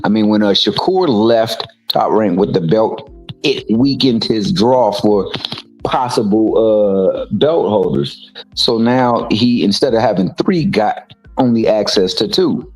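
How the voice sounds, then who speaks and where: Man, low voice, emphatic casual sports talk, faint music under it. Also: slow, darkish tone, rough recording. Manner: emphatic, repeats words. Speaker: co-host. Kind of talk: casual boxing chat.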